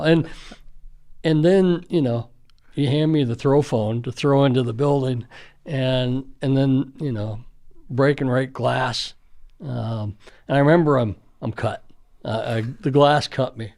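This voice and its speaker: A man's voice: medium pitch, measured pace, a little mellow. A middle-aged man, a school safety official, earnestly reminiscing in conversational storytelling with frequent fillers.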